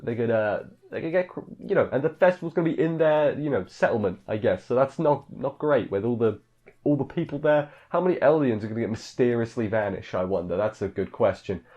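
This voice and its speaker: A man's voice: medium pitch, brisk, muffled recording. A man casually recapping an anime episode in a rambling, offhand way, full of fillers. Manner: rambling, offhand, filler-heavy, mimics characters in quotes. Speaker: anime reviewer.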